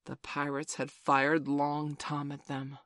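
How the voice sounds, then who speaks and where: A woman narrating a storybook in a measured, expressive reading. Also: low voice, no room sound, studio quality. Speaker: audiobook narrator.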